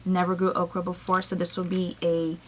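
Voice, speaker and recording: A woman from Trinidad, a gardening vlogger, chatting casually and excitedly through a show-and-tell with frequent ums. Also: lowish voice, a little fast, slight background noise, low-quality recording.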